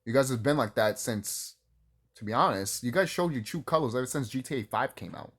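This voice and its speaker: A man's voice: mid-range voice, animated, brisk, a bit bright. Casual ranter, male, sarcastic and fired up, cursing often, swinging voice. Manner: heated, sarcastic, swears a lot, repeats himself. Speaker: YouTuber ranting about video games. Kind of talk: casual rant to camera.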